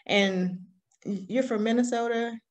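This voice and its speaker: A woman in her forties with a Southern American accent, telling her story as an interview guest with lively, laughing energy. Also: a little high, a little slow. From Alabama, US. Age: 40s. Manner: animated storytelling, laughs often. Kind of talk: conversational interview.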